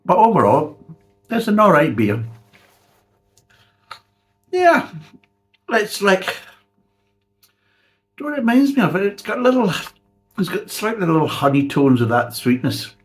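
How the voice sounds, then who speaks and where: A man's voice: sits high, very animated, measured pace, pauses often, soft background music. A man, reviewing a beer in a blunt, sarcastic way and swearing freely. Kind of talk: casual spoken review.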